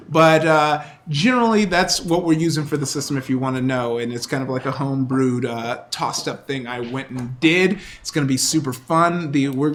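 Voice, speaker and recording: A man's voice: mid-range voice, fairly bright tone, slight background noise. A man acting as game master, chatting casually and laughing often as he runs a tabletop role-playing game.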